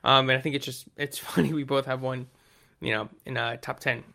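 A man's voice: medium pitch, level tone, brisk, creaky, bright, forceful tone. A man co-hosting a casual music chat, rambling with fillers and restarts, swearing and acting out quotes. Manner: rambling, profane, acts out quotes.

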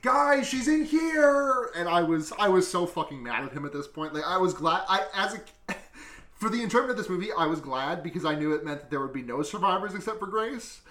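A man's voice: a little high, quick pace, reverberant. A male podcast host recapping a movie in a casual, profane, giggly way. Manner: profane, giggly, animated retelling.

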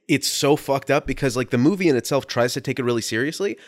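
A man hosting a casual chat, telling a story with animated energy, swearing freely and often restarting his sentences. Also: mid-range voice, fast.

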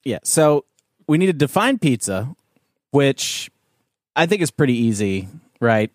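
A man's voice: mid-range voice, sing-song, a little slow, no echo, clean studio sound. Chatty man hosting a casual chat. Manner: leads the talk, chatty and playful. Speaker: podcast host.

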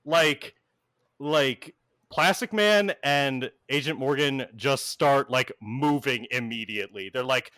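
A man's voice: medium pitch, slow, sharp tone, dry recording. A man narrating a tabletop role-play game as game master, rambling and full of filler words.

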